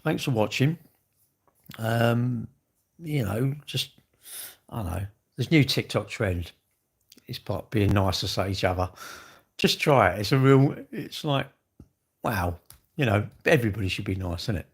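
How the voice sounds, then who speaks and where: A man's voice: on the low side, lively intonation, a little slow, pauses often. A man talking in a casual, rambling vlog monologue, full of rhetorical questions. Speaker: vlogger.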